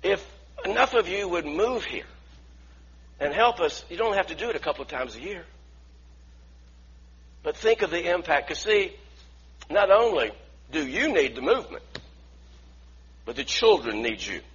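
A man preaching a sermon, swinging from loud, emphatic bursts to quiet, intense passages. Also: high-pitched, sing-song, moderate pace, pauses often, husky. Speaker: pastor. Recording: slightly dull lo-fi sound.

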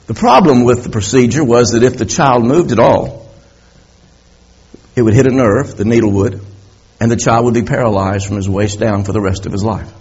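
Male preacher, impassioned sermon storytelling, husky voice, muffled lo-fi recording. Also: medium pitch, moderate pace, a little mellow. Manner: impassioned storytelling, repeats key words for emphasis. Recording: dull lo-fi recording.

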